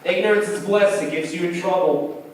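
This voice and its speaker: A man's voice: high-pitched, normal speed, a little hiss or hum. Man doing stand-up in an echoey bar. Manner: wry storytelling, acting out quoted people. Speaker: stand-up comedian. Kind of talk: open mic stand-up. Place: bar stage. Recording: echoey bar room, mic far off.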